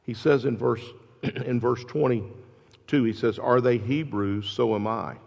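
A pastor preaching a sermon, building to loud, emphatic exclamations. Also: male voice, mid-range voice, steady tone, measured pace, creaky. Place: church sanctuary. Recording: dull sound with long hall reverb.

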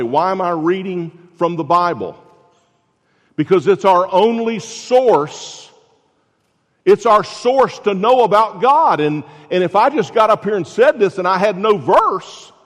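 Male pastor, sermon delivery, fairly high voice, rhetorical questions, reverberant sanctuary. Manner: preaching with rhetorical questions, swings from loud to hushed. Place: church sanctuary. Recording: long reverb in a large hall.

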